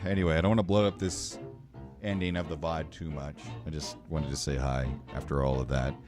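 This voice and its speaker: A man's voice: extremely low pitch, steady tone, normal speed, over music. A man streaming, chatting casually in a rambling, emotional way and swearing now and then. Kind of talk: casual livestream chat.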